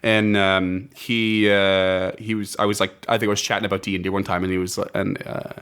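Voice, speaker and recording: Male podcast host, lower register, casual and enthusiastic, laughs easily. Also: little pitch movement, fairly quick, a bit bright, clear, resonant tone. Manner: reads out folklore notes with enthusiasm; laughs often.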